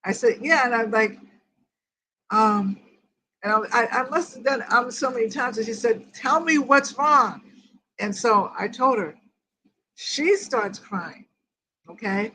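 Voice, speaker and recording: A woman's voice: fairly high pitch, unhurried, long pauses, a bit bright, slight background noise, poor audio. An older woman hosting a grief group, telling a personal story in a rambling way and quoting each conversation word for word. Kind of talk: personal storytelling in casual chat.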